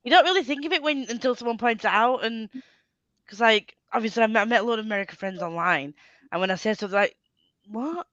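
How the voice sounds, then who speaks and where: A woman's voice: on the high side, quick pace, a bit bright, no room sound, muffled recording. A woman from northern England with a Yorkshire accent, chatting casually on a video call, laughing often and swearing freely. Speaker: reading sprint co-host. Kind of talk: casual group video chat.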